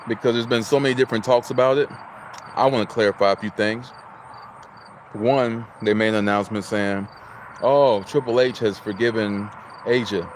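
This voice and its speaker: A man from Illinois, in the United States, hosts a casual livestream, chatting, greeting viewers and reading their chat messages aloud. His voice sits on the low side with a steady tone and normal speed. There's slight background noise.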